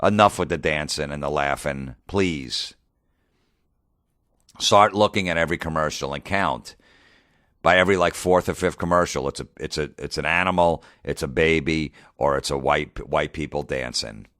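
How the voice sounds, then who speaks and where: A man's voice: extremely low pitch, moderate pace, fairly bright tone, no echo, studio quality. A middle-aged man, a comedian and podcast host ranting profanely and acting out old conversations. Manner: profane, exasperated, re-enacts conversations. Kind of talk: ranting monologue.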